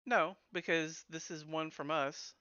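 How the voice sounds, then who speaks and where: A man running a tabletop game as game master over online voice chat, teasing his players in a dry, unhurried way. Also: a little high, fairly even intonation, highs cut off, a crowd in the background.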